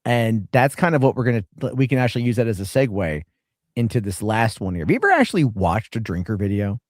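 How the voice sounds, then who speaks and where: Animated, profane male reaction host. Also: lowish voice, fast, no echo, studio quality. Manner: profane, sarcastic, rambling. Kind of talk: casual reaction commentary.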